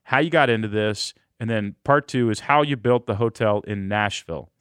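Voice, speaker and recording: A man hosting an interview podcast, telling stories with enthusiasm in quick bursts. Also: lowish voice, clean tone, no echo, studio quality. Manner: energetic, storytelling, quick bursts. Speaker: podcast host.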